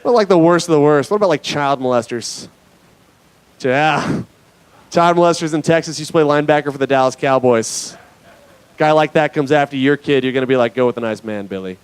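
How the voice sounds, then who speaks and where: A young man from Nevada doing a stand-up comedy set on a club stage, mostly deadpan with sudden loud bursts. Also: on the high side, fairly quick, smooth, dry recording.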